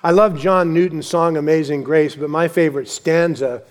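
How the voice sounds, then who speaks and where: A male pastor preaching a sermon, building to emphatic lines and then dropping to soft asides. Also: fairly high pitch, steady tone, moderate pace. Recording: long hall reverb.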